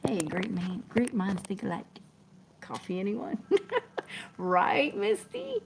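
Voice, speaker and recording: A woman's voice: mid-range voice, unhurried, a little hiss or hum. A middle-aged woman, chatting scattered and laughing as she reads viewer comments on a livestream. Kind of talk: casual live chat.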